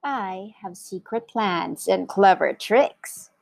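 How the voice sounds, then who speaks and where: A woman voicing a greedy male crocodile villain in a children's story, slow and gloating. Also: medium pitch, gravelly, darkish tone, no echo. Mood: sly gloating.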